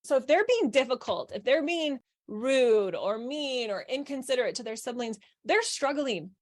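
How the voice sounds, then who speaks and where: A middle-aged woman with a fairly high voice runs a live parenting workshop, coaching her audience by posing questions and answering them herself. She sounds animated and speaks at a moderate pace.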